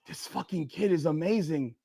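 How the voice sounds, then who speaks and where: A man hosting a live watch party, reacting loudly and profanely to a football game and arguing with the chat. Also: a little high, normal speed, vocal fry, breathy edge. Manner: excitable, profane, argues with chat and the broadcast.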